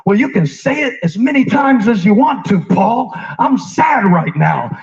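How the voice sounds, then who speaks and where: A preacher whose voice sits high for a man, delivering a chatty sermon. He draws the congregation in with questions and jokes, then drops soft before climbing again. The recording sounds muffled and lo-fi. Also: big pitch swings, measured pace, creaky. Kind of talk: conversational sermon. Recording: dull lo-fi sound.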